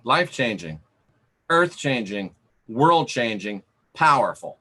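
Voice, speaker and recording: A man's voice: mid-range voice, big pitch swings, sharp tone, slightly rough. Emphatic preaching man. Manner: slow emphatic preaching, repeating phrases. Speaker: preacher reading live chat. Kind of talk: livestream sermon.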